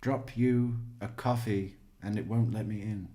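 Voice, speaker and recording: A man chats casually on a true crime livestream from a home setup. His voice sits somewhat low, and he rambles from one thought to the next. He swears freely and laughs at himself as he talks to his viewers. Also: fairly even intonation, measured pace, dark tone.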